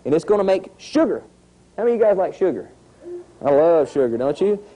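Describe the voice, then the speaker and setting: Male nature educator, mellow voice, animated storyteller for a kids' outdoor lesson. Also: fairly high pitch, fairly quick, rough recording. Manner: animated storytelling with sound effects. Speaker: environmental educator.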